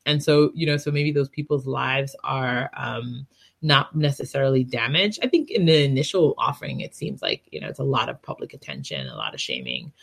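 A woman co-hosts a casual podcast chat, weighing her points with lots of hedges and quick laughs. Her voice is husky and rough-edged, and her pitch rises and falls widely as she talks. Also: expressive. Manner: thoughtful, hedging, laughs easily. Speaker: podcast co-host.

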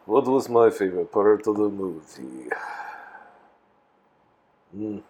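A man's voice: lowish voice, sing-song, slow pace, darkish tone. A man in a casual movie chat, easygoing and enthusiastic about his favorite scene.

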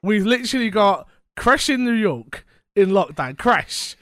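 A fairly high-voiced man with a London accent chats loosely as a podcast host, wandering into jokey tangents. He sounds stuffy with a blocked nose and sore throat. The recording is close and dry. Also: big pitch swings, measured pace, fairly bright tone, no echo. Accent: London English. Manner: rambling, joking, tangent-prone. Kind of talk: casual podcast chat.

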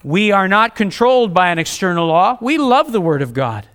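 Earnest preacher man with high voice. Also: sing-song, normal speed, a bit bright, smooth. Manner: earnest, preaching with rising emphasis and repetition; reads scripture aloud, conversational asides. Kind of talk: sermon.

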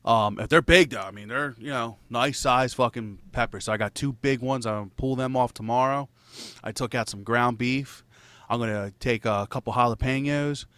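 A man's voice: medium pitch, normal speed, fairly bright tone, no room sound. A man in casual chat, telling a rambling, profanity-laced story and laughing between lines.

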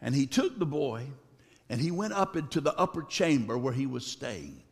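A man preaching a sermon dramatically, swinging between shouted lines and low, drawn-out words. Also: big pitch swings, vocal fry, in a large hall.

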